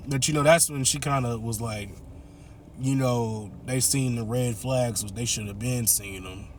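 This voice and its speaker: A man's voice: mid-range voice, unhurried, a little hiss or hum. A man casually retelling a movie plot, chatty and laughing often as he acts out the characters' lines. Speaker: movie reviewer.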